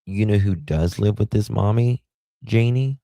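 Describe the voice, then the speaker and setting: A man's voice: on the low side, a little slow, creaky, mellow, no echo. A man hosting a livestream, giving blunt, crude, rambling commentary. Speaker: livestream host.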